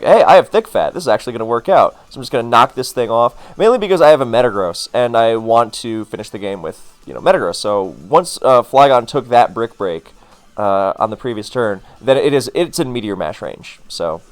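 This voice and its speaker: A man casually commenting on his own game, rambling into wry asides with plenty of fillers. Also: fairly low pitch. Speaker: gaming commentator.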